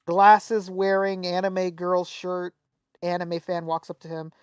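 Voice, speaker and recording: A podcast co-host with a high, smooth voice tells a story at a measured pace in a dry recording. The casual chat is animated, with him acting out quotes and swearing freely.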